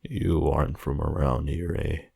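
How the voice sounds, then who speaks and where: A man reading as a husky old villager with a thick Romanian accent, fearful and blunt, in a horror story reading. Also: extremely low pitch, flat delivery, measured pace, mellow, heavily acted.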